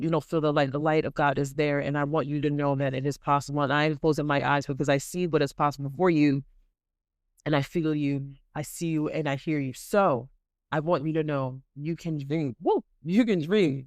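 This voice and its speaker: Smooth-voiced, emphatic woman podcast host. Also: deep voice, no echo, clean studio sound. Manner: emphatic and repetitive, calls listeners queens and y'all; animated, swings between excited bursts and soft intimate asides. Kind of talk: motivational podcast monologue. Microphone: close studio microphone.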